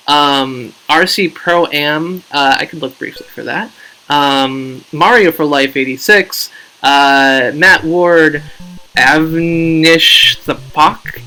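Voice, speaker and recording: A man's voice: fairly high pitch, sharp tone, rough recording. A man hosting a casual game live stream, rambling, joking at his own expense and reading out viewer names.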